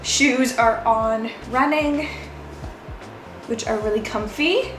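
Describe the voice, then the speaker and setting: A young woman chats upbeat to her camera with a slightly high voice, dropping "like" into nearly every sentence. The room around her gives an echoey ring, and soft music plays faintly underneath. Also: takes it slowly. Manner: chatty and upbeat, with frequent "like" fillers. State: out of breath after running. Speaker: lifestyle vlogger. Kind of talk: casual vlog chat. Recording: roomy echo, faint music behind.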